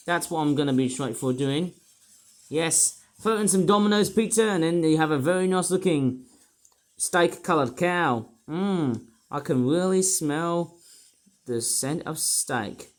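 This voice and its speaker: A man's voice: fairly high pitch, animated, a little slow, rough recording. Rambling, pun-loving man. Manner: rambling, punning, full of fillers. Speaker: toy reviewer. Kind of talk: unboxing commentary.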